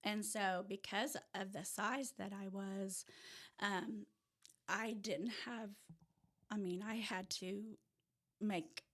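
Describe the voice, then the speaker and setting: A woman from rural Oklahoma with an Oklahoma accent, a podcast guest telling her personal story in casual chat, lively and sometimes dropping to a near-whisper. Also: medium pitch, slow pace. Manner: animated storyteller who drops to a hush at tense moments. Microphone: audio-only podcast mic.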